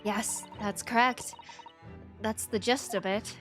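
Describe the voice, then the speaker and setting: A woman's voice: mid-range voice, steady tone, over music, pitched below the performer's own voice, lightly acted. A woman reading a polite, formal young assistant. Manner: formal, measured. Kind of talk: reading game dialogue aloud.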